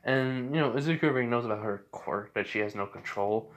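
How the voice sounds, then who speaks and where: A man's voice: medium pitch, fairly quick. A young man tells a fan story off the cuff, in a loose, casual way. He rambles, corrects himself mid-sentence and leans on fillers as he goes. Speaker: fan fiction narrator.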